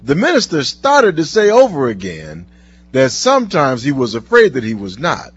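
A male preacher delivering a sermon, telling stories and reading scripture slowly and earnestly in a husky voice. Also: on the high side, huge pitch swings, no echo. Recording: dull lo-fi recording.

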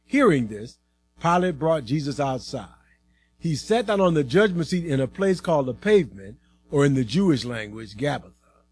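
A man giving a dramatic Bible reading, expressive in delivery. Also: fairly high pitch, normal speed. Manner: expressive, acting out the voices in quotes. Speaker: scripture reader.

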